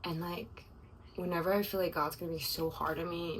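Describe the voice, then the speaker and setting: A young woman with a fairly low voice talks through a casual confessional vlog, her sentences rambling and heavy with "like." She sounds openly emotional. The mic sits a little away from her, with faint room ambience underneath. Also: steady tone, fairly quick, recorded from a distance, slight background noise, poor audio. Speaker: vlogger. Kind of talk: casual confessional video diary.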